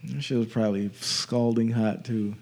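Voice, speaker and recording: A man's voice: medium pitch, flat delivery, normal speed, vocal fry, darkish tone, a little hiss or hum. A man co-hosting a podcast in casual chat, throwing in blunt, profane quips. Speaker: podcast co-host.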